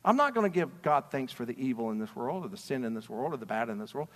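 Impassioned male pastor, bright, echoing hall. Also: mid-range voice, big pitch swings, fast talker. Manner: impassioned preaching, swings from quiet to shouting. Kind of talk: sermon. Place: church sanctuary.

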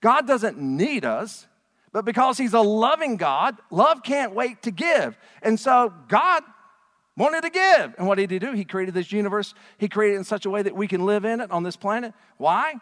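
A man preaching a sermon to his congregation in a church, emphatic and animated, with frequent rhetorical questions. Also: high-pitched, normal speed. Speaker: pastor. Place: church sanctuary. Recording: long reverb of a large hall.

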